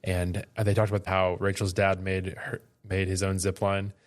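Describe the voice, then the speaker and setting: A man's voice: low-pitched, completely flat delivery, moderate pace. A man co-hosting a podcast, chatting casually and rambling with plenty of fillers. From Florida. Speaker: podcast co-host. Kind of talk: casual chat.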